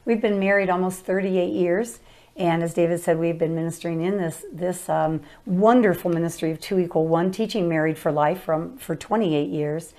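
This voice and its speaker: A woman's voice: lowish voice, fairly even intonation, normal speed, mellow. An older woman co-teaching a marriage course, explaining in an earnest way.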